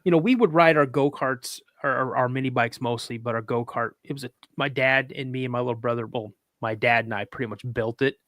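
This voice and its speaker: A man tells a long story in loose, casual talk, stumbling through restarts and fillers as he goes. His voice sits at an ordinary middle pitch. The recording is close and dry, with almost no room sound. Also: fairly quick, hardly any pauses, a bit bright, no room sound. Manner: rambling, with many restarts and fillers; acts out other people's lines in a raised voice. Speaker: podcast guest.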